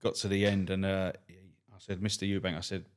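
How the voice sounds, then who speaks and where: A man's voice: low-pitched, fast talker. A man, a cab driver and stand-up comic, telling blunt, profane stories on a podcast. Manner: blunt, profane, deadpan storyteller. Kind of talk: swearing anecdotal storytelling.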